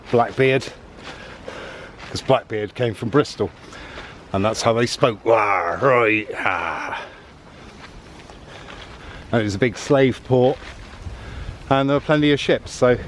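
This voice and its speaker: A man's voice: mid-range voice, slight background noise. A man, chatting casually and rambling a little while he walks a woodland path and films. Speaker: nature vlogger. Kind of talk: casual walking commentary. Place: woodland path outdoors, walking.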